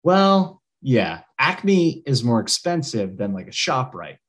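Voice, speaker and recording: A man's voice: medium pitch, big pitch swings, takes it slowly. A young man from New Jersey co-hosting a podcast, chatting in an easygoing, rambling way that trails off. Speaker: podcast co-host. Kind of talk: casual chat.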